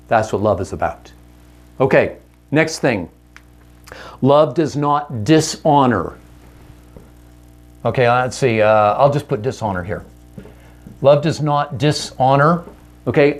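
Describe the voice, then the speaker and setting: A man with a medium-pitched, darkish voice leads a marriage seminar for other men. He speaks earnestly, directly and conversationally, often posing rhetorical questions and correcting himself mid-sentence.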